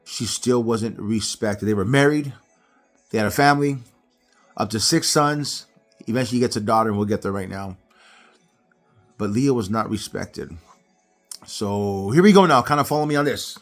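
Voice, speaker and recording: A man's voice: on the low side, normal speed, pauses often, faint music behind. A man giving a casual Bible study talk to viewers, telling stories animatedly. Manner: animated storyteller who acts out scenes.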